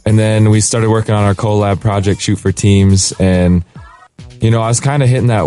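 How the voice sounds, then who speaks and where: A man, a hip hop artist and producer, telling stories as a radio guest in a relaxed, eager way. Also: lowish voice, moderate pace, soft background music. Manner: relaxed, eager storytelling with lots of "like". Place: radio studio.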